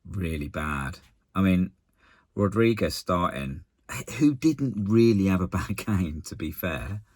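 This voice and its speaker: A man giving a casual, exasperated post-match rant to camera as a football fan, blunt and halting, often restarting his sentences. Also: deep voice, lively intonation, darkish tone, husky, no echo. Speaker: football fan channel contributor.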